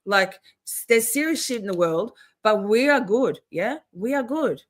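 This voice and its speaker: A woman's voice: a little high, animated, normal speed. A woman hosting a livestream, ranting in a profane, fired-up way in casual chat. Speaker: livestream host.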